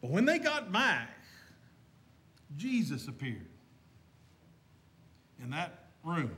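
A husky-voiced man preaches a sermon in storytelling mode. His pitch rises and falls in a lively way, and his volume swings from loud passages to hushed ones. He speaks a little higher than most men. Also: takes it slowly, pauses often. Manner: dramatic retelling, shifting loud to hushed.

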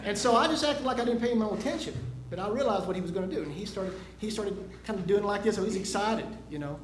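A man preaching a sermon, moving from a homely told story to loud, emphatic preaching. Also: high-pitched, fast talker, echoey room, a little hiss or hum.

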